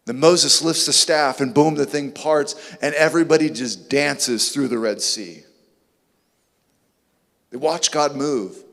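High-voiced preacher in an echoing hall. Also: male voice, measured pace, fairly bright tone. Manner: emphatic, rhetorical questions. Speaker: pastor. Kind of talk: sermon.

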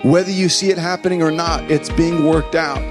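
A man's voice: on the high side, fairly even intonation, brisk, big-room sound, music in the background. A man preaching a sermon as the pastor of his church, earnest and conversational, telling a joke along the way. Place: church building.

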